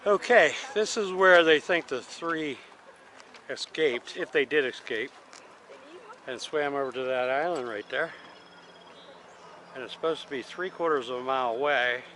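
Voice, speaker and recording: A man's voice: medium pitch, a little slow, pauses often, pushed and bright, slight background noise. A man vlogging a tour, chatting casually and telling stories with easy fillers, recorded outdoors on a handheld camera. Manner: easygoing, chatty storytelling with fillers. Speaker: travel vlogger. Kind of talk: casual vlog narration and tour commentary.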